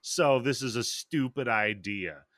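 Male host, mid-pitch, loose profane storyteller; dry mic. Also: a little slow, fairly bright tone, dry recording. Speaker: podcast host. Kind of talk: casual movie recap.

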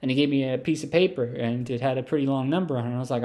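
A man telling an absurd comic story in a rambling, deadpan way, full of asides and fillers. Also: medium pitch, rapid-fire. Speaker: comedic storyteller. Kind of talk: improvised comic monologue.

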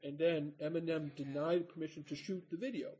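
A man co-hosting a podcast, recounting in a relaxed, rambling casual chat. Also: a little high, fairly quick, husky, poor audio. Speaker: podcast co-host.

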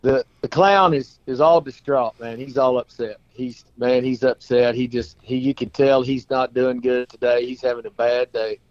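A man's voice: medium pitch, steady tone, moderate pace, hardly any pauses, dry recording, highs cut off. A man, a rodeo performer, talking casually and telling stories in a folksy way, often repeating himself. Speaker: guest, rodeo singer and performer. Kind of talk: casual storytelling talk.

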